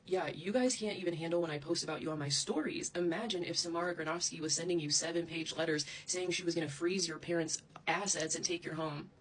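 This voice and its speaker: A woman's voice: on the low side, quick pace, few pauses, a little hiss or hum, low-quality recording. A woman ranting angrily straight to camera, heated and profane, wandering off into asides. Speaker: social media creator. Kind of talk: angry direct-to-camera rant.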